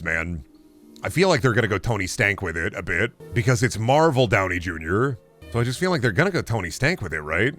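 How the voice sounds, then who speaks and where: A man's voice: mid-range voice, a bit bright. A man streaming, chatting casually in a rambling, profane, sarcastic way.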